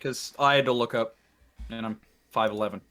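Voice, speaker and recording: A man's voice: mid-range voice, steady tone, fairly quick, bright, forceful tone, soft background music. A man from Canada in casual chat, making brief joking remarks.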